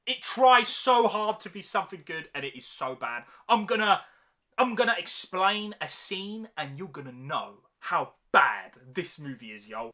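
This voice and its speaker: A man's voice: sits high, pushed and bright. A man ranting through a vlog of movie reviews, slangy and mocking with big exaggerations.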